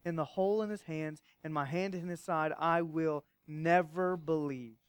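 A man's voice: a little high, steady tone, normal speed, smooth, dry recording, natural voice. A man preacher voicing a stubborn, doubting male disciple, speaking emphatically.

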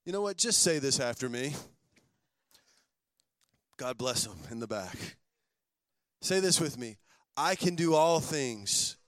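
A male pastor preaching a lively sermon, calling on his congregation to repeat lines after him. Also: mid-range voice, takes it slowly, pauses often, dry recording.

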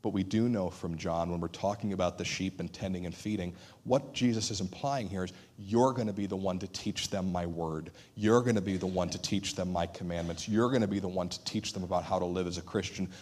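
A man preaching a sermon in an earnest manner, dropping to a hushed voice for emphasis and acting out quoted dialogue. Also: low-pitched, steady tone, fairly quick, few pauses. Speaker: pastor.

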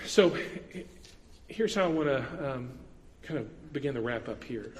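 A man's voice: medium pitch, expressive, measured pace, in a large hall. A man preaching an earnest sermon as pastor, stressing points with repetition.

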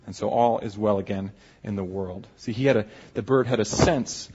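Husky man preaching reflectively. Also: lowish voice, normal speed, dark tone. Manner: reflective, conversational, frequent restarts. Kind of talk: sermon. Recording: dull recording with long hall reverb.

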